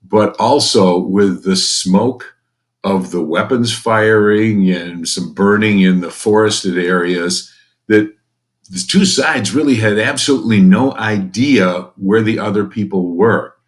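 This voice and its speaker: A man's voice: on the low side, slow. A man teaching a recorded history lecture to students, folksy and conversational, with jokey asides.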